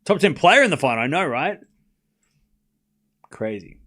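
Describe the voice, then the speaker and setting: Lively man hosting a tennis watchalong. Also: a little high, moderate pace. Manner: animated, joking, reads scores aloud while chatting with viewers. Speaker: livestream tennis watchalong host. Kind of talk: casual live commentary chat.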